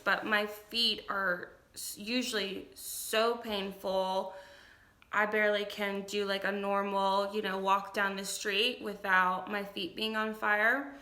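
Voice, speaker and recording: A young woman talks slowly and openly about how she has been, tired and close to tears at times, pausing often to gather her thoughts. Her voice is bright and a little high. The room around her sounds echoey. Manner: candid, rambling, many ums and restarts. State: tired, getting emotional. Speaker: vlogger. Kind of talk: casual personal update.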